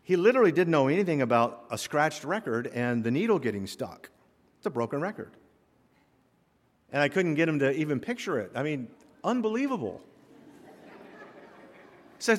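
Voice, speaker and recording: A man's voice: on the high side, very animated, moderate pace, long pauses. Preaching man in a reverberant church. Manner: dynamic preacher, swinging from quiet asides to loud exhortation. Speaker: pastor. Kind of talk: sermon. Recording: long hall reverb.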